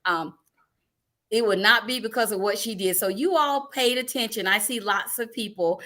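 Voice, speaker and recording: A middle-aged woman hosting a live online church talk show, telling stories in a lively, animated way. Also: medium pitch, moderate pace. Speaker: ministry host.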